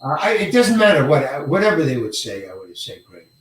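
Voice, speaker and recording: An older male actor telling a career story in an interview, halting and rambling, often repeating words and chuckling. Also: on the high side, very animated. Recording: roomy echo, mic set far away.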